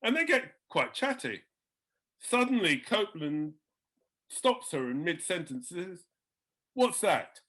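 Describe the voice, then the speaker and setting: A man's voice: high voice, unhurried. A man telling musical anecdotes in conversation, acting out the voices of the people in his stories. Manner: animated, acts out quoted voices. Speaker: guest storyteller.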